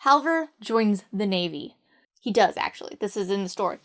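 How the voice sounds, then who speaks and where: A woman's voice: medium pitch, lively intonation, normal speed. A woman telling a fairy tale in a casual, playful way with wry asides. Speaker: storyteller.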